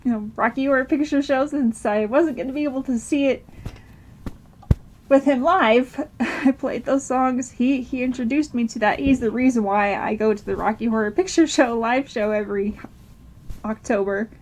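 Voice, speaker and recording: A woman's voice: a little high, moderate pace, a little mellow. A woman telling a personal story to camera, rambling with restarts and nervous laughter while tearful. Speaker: vlogger.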